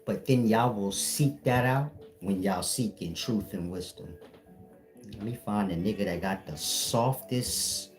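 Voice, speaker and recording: A man acting as a spiritual teacher, lecturing his viewers bluntly in a firm, defined voice with no softness. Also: fairly low pitch. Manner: blunt, lecturing, scolding the audience. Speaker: self-styled spiritual teacher. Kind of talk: preachy solo monologue to viewers.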